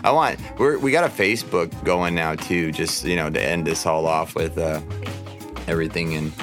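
Deep-voiced man, rambling profane podcast chat. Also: moderate pace, over music. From Portland area, Oregon. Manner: rambling, profane, laid-back with lots of fillers. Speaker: podcast host.

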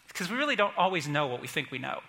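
A man's voice: fairly high pitch, very animated, racing, gravelly, pushed and bright, long reverb tail. A man from Indiana preaching a sermon as pastor, earnest and emphatic, repeating key phrases. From Indiana, USA. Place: church sanctuary.

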